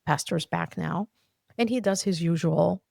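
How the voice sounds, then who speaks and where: Woman guest, heartfelt personal testimony; heavy vocal fry, dry close sound. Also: fairly low pitch, measured pace, darkish tone, no echo. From Soviet Union. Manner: earnest, heartfelt storytelling. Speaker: podcast guest.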